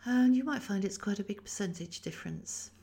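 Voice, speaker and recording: Soft-spoken English woman teaching, gravelly. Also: medium pitch, animated. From England. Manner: slow, soft-spoken guiding with frequent whispered phrases. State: tired voice after much talking. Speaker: Feldenkrais teacher. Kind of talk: guided movement lesson.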